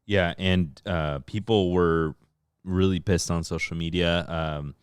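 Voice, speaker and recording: A man talks soccer on a podcast in a deep, smooth voice that sits low in his range. He is animated, swears casually, and sounds close and dry. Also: takes it slowly, no room sound. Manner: animated, swears, mimics players in a high voice. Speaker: podcast co-host.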